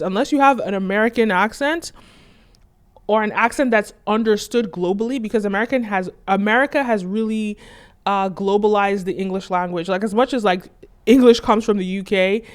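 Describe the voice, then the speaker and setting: Woman host, mid-pitched, conversational explainer with loose fillers. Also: smooth. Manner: conversational, leans on "right?" and "like". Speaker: channel host. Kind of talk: casual explanatory commentary.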